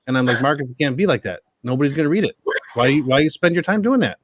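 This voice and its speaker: A man's voice: mid-range voice, animated, fast, slight background noise. A man chatting casually as a panel guest, laughing often and restarting his sentences. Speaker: panel guest, copy editor. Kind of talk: casual chat.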